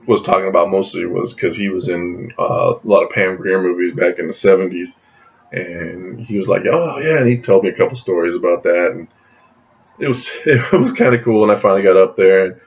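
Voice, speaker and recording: A man casually telling a long personal story to his camera, rambling with restarts and laughing often, in a dull lo-fi recording. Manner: jumps high in pitch when acting out his own surprise.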